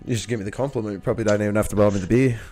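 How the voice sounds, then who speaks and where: A man's voice: fairly low pitch, fairly even intonation, very fast, darkish tone, faint music behind. A man hosting a casual chat, enthusiastic and rambling with many restarts. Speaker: livestream host. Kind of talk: casual interview chat over beers.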